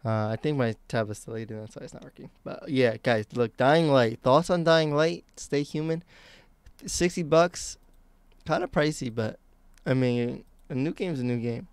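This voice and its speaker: A man's voice: medium pitch, moderate pace, clear, resonant tone, no room sound. A young man from the United States chatting casually while live-streaming games, rambling and self-mocking. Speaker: game streamer.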